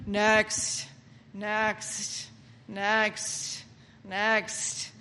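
A woman voicing God as a brisk male judge who waves people through with rapid-fire, dismissive calls. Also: mid-range voice, monotone, bright, forceful tone, big-room sound, a little hiss or hum, pitched below the performer's own voice.

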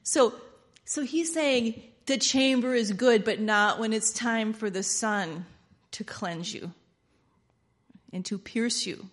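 A woman preaching a sermon in an animated way, laughing often and acting out quoted lines. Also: a little high, slow.

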